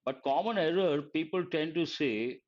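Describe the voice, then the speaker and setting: Male teacher, higher voice, drills grammar with questions, dull lo-fi stream sound. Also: darkish tone. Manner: quizzing students, repeating key phrases slowly. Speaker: English vocabulary teacher. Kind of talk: live online grammar lesson.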